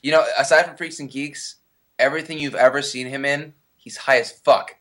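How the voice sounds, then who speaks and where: A man's voice: mid-range voice, steady tone, normal speed, fairly bright tone. Male co-host, middling voice, wry mocking storyteller. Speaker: podcast co-host. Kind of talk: casual chat.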